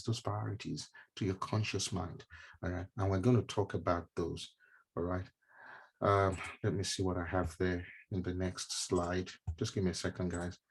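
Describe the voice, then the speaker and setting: A man's voice: deep voice, breathy edge. A man, a neurologist, giving a conversational mentorship talk with slides, repeating key phrases and dropping casual asides. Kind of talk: motivational teaching talk with slides. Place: online stream presentation.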